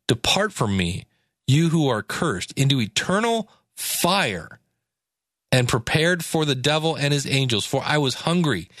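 A man's voice: medium pitch, a bit bright, no room sound, clean studio sound. A man giving a casual Bible study talk, reading scripture aloud and breaking off into plain asides with fillers. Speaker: Bible teacher.

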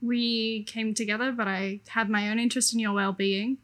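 Woman player in character: formal, measured, gentle, on the higher side. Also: fairly even intonation. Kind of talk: in-character tabletop role-play.

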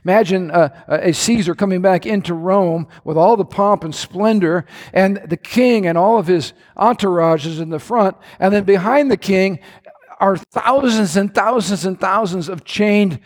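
A man preaching a sermon to his congregation, telling lively stories with playful asides. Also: sits high, normal speed, long reverb tail. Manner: animated storytelling with playful asides. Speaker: pastor. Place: church sanctuary.

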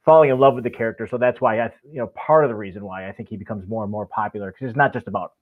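A man's voice: fairly low pitch, very fast. A man co-hosting a casual podcast chat, talking in a rambling, enthusiastic way with many fillers. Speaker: podcast co-host. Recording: tinny phone-like line.

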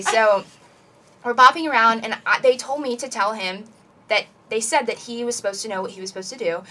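A young adult woman co-hosting a podcast, telling a long story in a rambling, animated way with plenty of "like" and "basically". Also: medium pitch, distant mic. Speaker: podcast co-host. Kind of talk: casual chat, storytelling.

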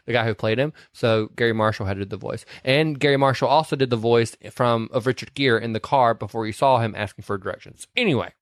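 A man's voice: medium pitch, fast, few pauses, dry recording, studio quality. A man co-hosting a podcast, retelling a film in casual chat and acting out quotes in different voices. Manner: animated, acts out quotes with voice changes. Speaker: podcast co-host.

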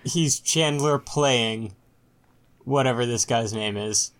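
A man's voice: mid-range voice, takes it slowly. A man in casual podcast chat, adding short, dry interjections to his co-host's story. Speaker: podcast co-host.

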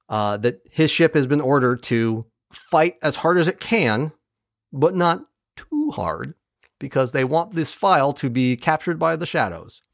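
A man of middle pitch talks casually as a podcast host, retelling a story with wry, profane humor and lively energy. The recording is dry and close, with no room sound. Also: no room sound. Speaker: podcast host recapping an episode. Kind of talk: casual chat.

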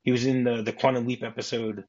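Husky man recounting a film script. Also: mid-range voice, flat delivery, fast talker, darkish tone. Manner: rambling, with frequent restarts, acting out quoted lines. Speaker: podcast guest. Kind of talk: casual podcast chat recounting a film script. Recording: dull lo-fi podcast audio.

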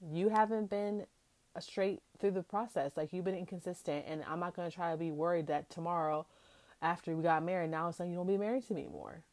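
A young woman talks fast and loose on her podcast, slipping into quick impressions of the people she is recapping. Her voice sits on the low side, and the recording is dry and close, with no room sound. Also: no echo. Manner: chatty, animated, acts out quotes from the show. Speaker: podcast host. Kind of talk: casual recap chat.

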